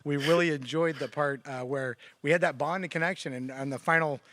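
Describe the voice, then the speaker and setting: A man chatting casually on a church talk show, telling stories with animated quoted lines. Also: brisk. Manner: animated storyteller, quotes others with raised pitch. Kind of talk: casual conversation.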